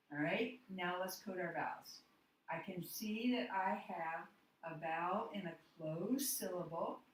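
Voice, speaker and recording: Slow, echoey woman teaching phonics. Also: lowish voice, slight background noise. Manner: slow, deliberate, spells words out letter by letter. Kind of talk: phonics lesson. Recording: echoey room, voice from far off the mic.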